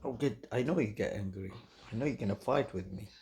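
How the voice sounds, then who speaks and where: A man's voice: fairly low pitch, brisk, darkish tone. A man chatting to his pet budgie in simple, broken English, doting and coaxing. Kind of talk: casual home video chat with a pet.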